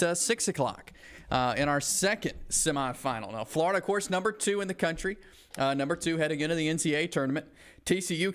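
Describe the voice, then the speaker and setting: A Southern American man hosts a sports talk show in an easygoing, conversational way, often pausing on little fillers. His voice sits a bit high for a man and sounds smooth and clear. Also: a bit bright.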